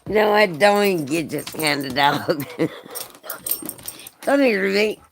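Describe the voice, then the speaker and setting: A woman's voice: on the low side, lively intonation, unhurried, a little hiss or hum. A woman talking casually to the camera and her dog, profane and giggly, slipping into playful baby-talk. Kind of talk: casual rambling vlog to camera.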